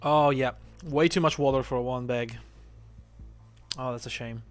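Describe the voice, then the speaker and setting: A man's voice: medium pitch, measured pace, soft background music. A man streaming a game, chatting casually, thinking aloud and swearing now and then. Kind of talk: casual gameplay commentary.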